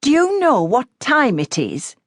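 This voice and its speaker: Rich: An officious, irritated landlady, as a woman narrator puts her on, scolding a late-night caller. The voice sits up high with a sharp, indignant edge. The audiobook sound is close and dry. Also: wildly swooping pitch, measured pace, dry recording, full character voice.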